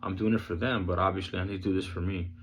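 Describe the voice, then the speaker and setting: A man talking casually in a vlog, laid-back and rambling with lots of fillers, hoarse from losing his voice. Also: low voice, fairly even intonation, racing, fairly bright tone, a little hiss or hum. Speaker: vlogger sharing his recovery journey.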